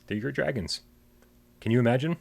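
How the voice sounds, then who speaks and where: A man co-hosting a casual livestream podcast, excitable and quick to laugh and swear as he reads out viewer tips. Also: medium pitch, creaky, breathy edge. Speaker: podcast co-host reading tips.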